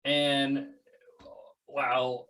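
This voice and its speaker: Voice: mid-range voice, drawn-out words. A podcast host in casual chat, joking and playful as he wraps up the show. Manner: playful, jokey, lively sign-off.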